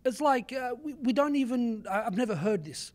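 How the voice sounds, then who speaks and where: A young man, telling animated stories as an interview guest and mixing in Arabic words. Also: very high voice, moderate pace. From Australia. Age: 20s. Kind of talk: casual interview chat.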